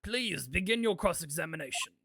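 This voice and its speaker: A stern, formal old judge in a courtroom game, voiced by a woman. The voice is dropped a little, slow and measured, and stays lively in pitch. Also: breathy edge, exaggerated voice.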